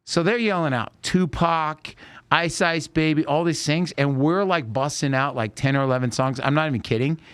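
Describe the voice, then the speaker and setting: A man hosting a podcast, a musician telling an animated, slangy story in casual chat. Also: fairly high pitch, moderate pace, clear, resonant tone, dry recording.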